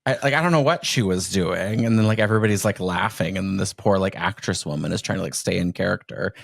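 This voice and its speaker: A man hosting a podcast, telling stories in a rambling, animated way over casual chat. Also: deep voice, fast, vocal fry, dry recording, studio quality. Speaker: podcast host.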